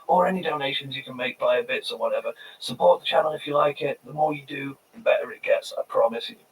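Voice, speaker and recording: A man's voice: a little high, animated, fast talker. A man chatting casually on a game stream, rambling and self-deprecating. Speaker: player and streamer. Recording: distant mic with faint background noise.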